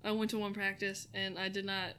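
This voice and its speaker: A woman co-hosting a casual rewatch podcast, relaxed and hesitant with fillers. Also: mid-range voice, fairly quick, a little hiss or hum. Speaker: podcast co-host.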